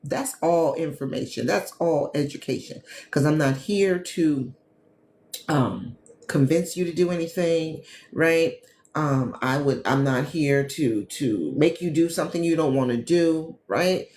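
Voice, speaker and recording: A woman from the American Midwest who hosts a live travel talk show, chatting casually and warmly addressing her viewers as a travel agent and business coach. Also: low voice, unhurried, a little hiss or hum. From Gary, Indiana, USA. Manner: chatty, animated, talks straight to viewers as "y'all". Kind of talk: casual livestream chat with viewers. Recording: echoey room with faint ambience.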